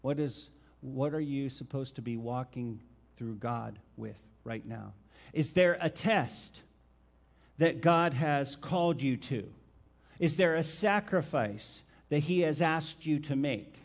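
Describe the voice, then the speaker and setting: A male pastor preaching a sermon and reading scripture, asking his listeners direct questions and stressing key words by swinging his loudness. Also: mid-range voice, slow, vocal fry. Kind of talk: expository sermon with Bible reading.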